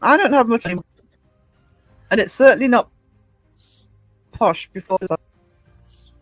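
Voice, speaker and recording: A woman's voice: fairly high pitch, animated, unhurried, dry recording, faint music behind, rough recording. Chatty Northumbrian woman hosting a livestream. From Northumberland, England. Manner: chatty, reads chat comments aloud. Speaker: livestream host. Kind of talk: casual chat with live viewers.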